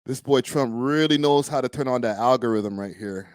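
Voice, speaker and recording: A man's voice: medium pitch, brisk, hardly any pauses, dry recording, clean studio sound. A young man from Canada, a streamer host giving a blunt, profane, slangy live-stream reaction.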